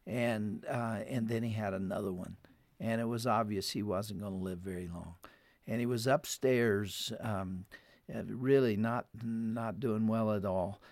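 A man telling a family story in an earnest way, who then turns to warm, urgent encouragement. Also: fairly low pitch, steady tone, unhurried, no echo. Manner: heartfelt, rises to urgent appeals. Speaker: radio program guest.

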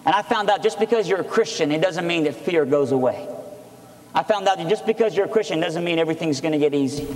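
A man's voice: on the high side, quick pace. A man preaching his testimony, telling the story earnestly and with energy. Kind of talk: sermon testimony. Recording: echoey hall.

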